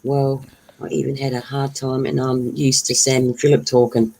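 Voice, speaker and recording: A woman in casual chat, talkative and quick to laugh. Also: very deep voice, flat delivery, creaky, mellow, poor audio. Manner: chatty, laughing, exclamatory.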